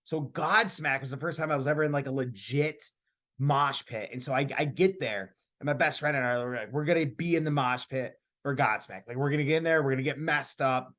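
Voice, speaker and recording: A man in his thirties, a podcast host, telling a story in casual chat, animated and laughing as he talks. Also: medium pitch, fairly quick.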